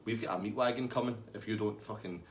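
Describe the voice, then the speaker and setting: A man's voice: on the low side, steady tone, fast talker, slight background noise, close to an everyday voice. A man voicing irritated police officers in a firm, insistent tone. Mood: stern.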